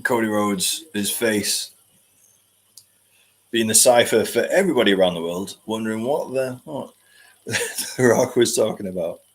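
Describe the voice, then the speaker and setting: A man's voice: on the low side, a little slow. A man hosting a live stream, chatting and answering viewer comments with dry jokes. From United Kingdom. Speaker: host.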